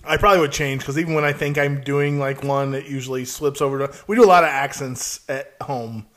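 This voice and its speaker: A man's voice: mid-range voice, steady tone, brisk, a bit bright. A man co-hosting a podcast in casual chat, playful but hesitant on serious points. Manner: playful, hesitant, many fillers when serious. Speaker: podcast co-host.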